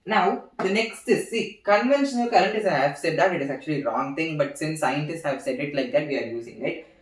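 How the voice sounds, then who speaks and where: A young man explains physics in a fairly high voice, pausing and repeating himself as he works through each point. He sounds set back from the microphone, and the classroom echoes around him. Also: far from the mic. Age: young adult. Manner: halting, repeats phrases while writing on a board. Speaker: student giving a physics seminar. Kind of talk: informal physics lesson. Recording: echoey room, voice from off-mic.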